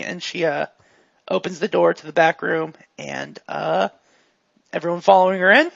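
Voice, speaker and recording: A woman's voice: fairly low pitch, steady tone, normal speed, gravelly, no echo. A woman narrating as game master in a tabletop game, casual and full of fillers. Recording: dull, lo-fi dry mic.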